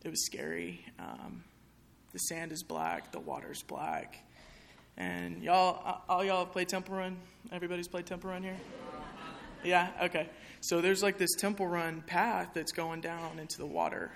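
A woman's voice: sits low, vocal fry, slight background noise. A young woman speaking candidly to an audience in a chapel, sharing a personal testimony in a conversational way with many fillers.

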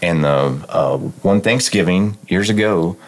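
A middle-aged man from West Texas chats in a deep, unhurried voice. His tone is smooth and radio-like, like a hypnotist's, though he trips and restarts his sentences often. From West Texas, United States. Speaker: alumnus guest and amateur hypnotist. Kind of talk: casual interview chat.

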